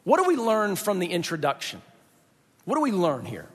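A man preaching a sermon as pastor, talking in an emphatic, conversational way with dramatic pauses. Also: sits high, wildly swooping pitch, slightly rough. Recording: long hall reverb.

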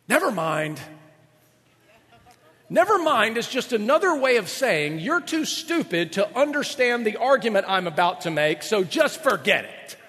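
A man preaching a sermon as a pastor, animated and joking, with quick asides to his listeners. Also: high voice, in a large hall.

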